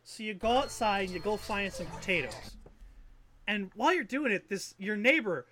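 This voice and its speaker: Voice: medium pitch, lively intonation, moderate pace, fairly bright tone, slight background noise. A speaker ranting about a video game in casual, sarcastic talk, often swearing and restarting sentences. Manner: exasperated, sarcastic and profane; rambling with frequent restarts.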